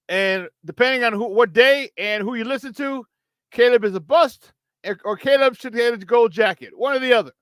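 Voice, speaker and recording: A man's voice: extremely high pitch, fairly quick, no echo, clean studio sound. A man hosting a sports talk show, chatting casually about football with lots of energy and frequent laughter, a former player telling locker-room stories. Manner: energetic and chatty, laughs often, hypes with "baby".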